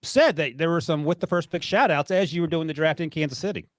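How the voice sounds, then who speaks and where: A man's voice: on the high side, fast talker, no echo. A man hosting a sports podcast in a casual, playfully teasing way. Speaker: podcast host.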